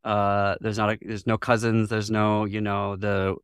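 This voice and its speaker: This smooth, lowish-voiced man keeps a level tone and measured pace as an interview guest from Northwest Lower Michigan, US. In the reflective conversation he's thoughtful, laughs often, and acts out what others said, recorded at studio quality with no echo.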